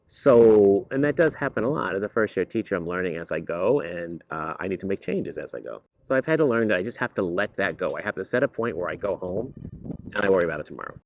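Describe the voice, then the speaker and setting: A man who is a high school teacher, talking casually to camera in an earnest, rambling way with many fillers and restarts. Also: quick pace, dry recording. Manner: turns lively and higher when driving a point home. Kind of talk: casual vlog talk to camera.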